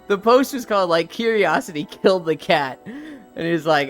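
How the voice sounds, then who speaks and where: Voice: medium pitch, big pitch swings, unhurried, a bit bright, soft background music. A live streamer walking while chatting casually, retelling funny stories with lots of laughter and swearing, and acting out the people in them. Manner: laughs often, swears, acts out quoted voices.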